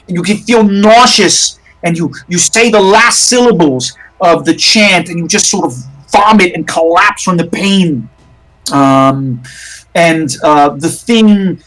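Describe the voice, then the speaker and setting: Man, game master, tabletop horror game narration, slow, rambling, lots of restarts. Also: a little high, fairly bright tone, low-quality recording. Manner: rambling, many fillers and restarts.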